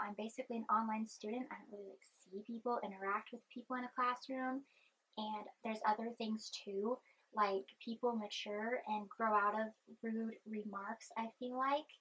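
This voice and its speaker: A young woman vlogging in a soft-spoken, rambling way, chewing gum and anxious. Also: on the high side, husky, poor audio. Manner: chatty, meandering, chewing gum. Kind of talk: rambling personal vlog.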